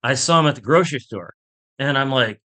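Medium-pitched, animated, and a little fast, this man's bright, forceful voice fills a casual interview chat. He is a golf instructor from Pittsburgh, USA, rambling enthusiastically on a podcast and laughing often through his stories.

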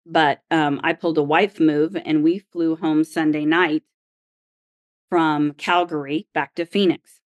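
A middle-aged woman from Oklahoma, a golf caddie guest telling a story in a lively, emphatic, exasperated way. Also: deep voice, unhurried, dry recording. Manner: animated, emphatic, exasperated retelling. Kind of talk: casual storytelling.

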